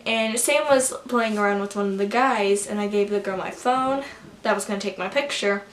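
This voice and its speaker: A young woman vlogging a casual story, gushing and excitable, rambling with lots of fillers. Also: medium pitch, normal speed. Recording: roomy with faint background noise.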